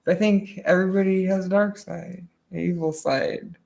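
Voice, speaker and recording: A woman streamer in a casual, confessional chat, rambling and swearing, often trailing off quietly. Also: on the low side, steady tone, moderate pace, vocal fry.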